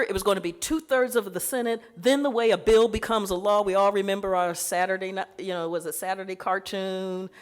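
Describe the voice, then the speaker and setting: A woman delivers a conference keynote as a lively historical lecture. Her pitch sits in a middle range for a woman. She tells it like a story and slips into the voices of the people she quotes. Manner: animated storytelling, acting out quoted voices, laughing. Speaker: keynote speaker. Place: conference hall.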